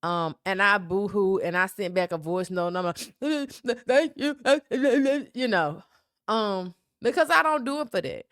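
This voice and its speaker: This podcast host is a young woman from South Memphis, USA, with a Southern accent, speaking candidly and emphatically on her solo show and often asking "right?" Her voice sits lowish, smooth and a bit bright, at a moderate pace. The sound is dry and clean, studio quality.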